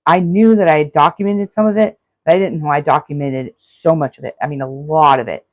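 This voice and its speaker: A woman's voice: sits low, steady tone, a little fast, no echo. A woman in her forties hosting a solo self-help podcast, talking earnestly and repeating her advice. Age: 40s. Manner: earnest, repetitive, advice-giving. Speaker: podcast host.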